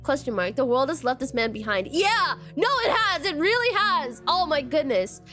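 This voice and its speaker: A woman streaming a dating sim, reacting to the story and chatting with viewers in an animated, swearing way. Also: sits high, normal speed, soft background music. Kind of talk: live game commentary reading a dating sim aloud.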